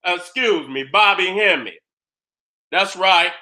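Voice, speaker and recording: A man's voice: sits high, takes it slowly, bright, forceful tone. A man hosting his own channel, delivering a combative, boastful, profane monologue and repeating his phrases.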